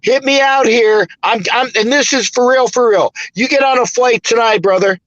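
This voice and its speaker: Rambling high-voiced man on a dull line. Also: moderate pace, fairly bright tone, no echo. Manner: rambling, emphatic, profane. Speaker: podcast host. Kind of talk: casual sports podcast chat.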